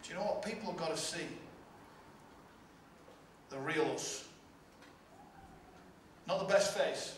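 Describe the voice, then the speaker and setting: A man's voice: on the high side, takes it slowly, pauses often, slight background noise. A male pastor preaching a sermon with emphatic, repetitive rhetorical build-ups. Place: large church hall. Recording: echoey hall from far off, faint ambience.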